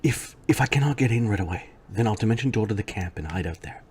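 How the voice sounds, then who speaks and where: A man playing a tabletop game, describing his character's actions in a halting, casual way. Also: on the low side, expressive, darkish tone, breathy edge.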